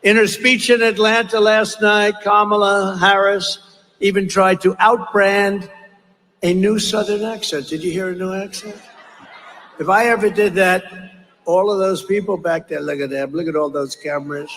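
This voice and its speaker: A man's voice: high voice, steady tone, normal speed, a bit bright. An older man giving a rambling, repetitive, mocking campaign speech at a large rally. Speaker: political candidate. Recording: long echo of a big rally hall.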